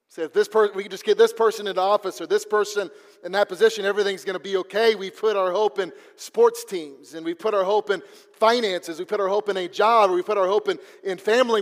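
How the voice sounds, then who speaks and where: Pastor, male, high pitched, storytelling sermon delivery with restarts; church hall reverb. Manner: storytelling preacher with repeated restarts. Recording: long reverb of a large hall.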